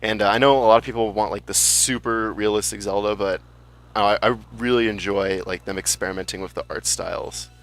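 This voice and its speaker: A man's voice: fairly low pitch, fairly even intonation, a little fast. A young man giving casual, chatty gameplay commentary, swearing freely and cracking jokey asides. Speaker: let's play gamer.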